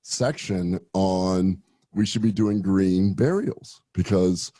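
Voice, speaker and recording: A man hosts a podcast interview on a video call, friendly and chatty as he asks rambling questions. His voice is low and mellow, with a husky edge. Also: slow. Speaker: podcast host, gastroenterologist. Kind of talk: casual interview chat.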